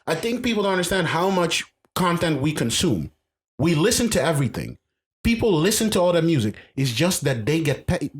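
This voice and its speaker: A man's voice: a little high, big pitch swings, brisk. Emphatic man co-hosting a podcast. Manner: emphatic, repeats himself, restarts mid-sentence. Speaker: podcast co-host. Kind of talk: casual chat.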